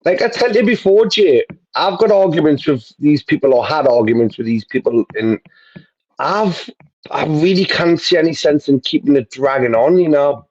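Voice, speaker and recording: A man on a livestream panel, calm and reasoning, with hesitant restarts. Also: fairly high pitch. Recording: dull lo-fi stream mic.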